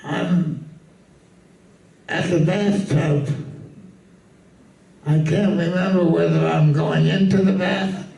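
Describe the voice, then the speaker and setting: Man playing muddled elderly sister, gravelly low voice, far-off roomy sound. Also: fairly even intonation, slow pace, long pauses, mellow. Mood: flustered. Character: forgetful very old woman, oldest sister. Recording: echoey room, distant mic.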